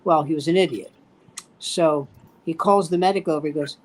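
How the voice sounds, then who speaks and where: Older man telling animated war-era stories. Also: a little high, moderate pace, poor audio. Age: 70s. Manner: animated storyteller acting out quoted voices. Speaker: stand-up comic guest. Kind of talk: casual anecdotal chat.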